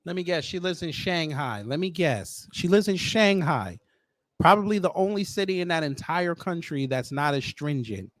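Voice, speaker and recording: A man hosting a commentary show, reacting in a mocking, slangy and animated way. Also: a little high, normal speed, no room sound.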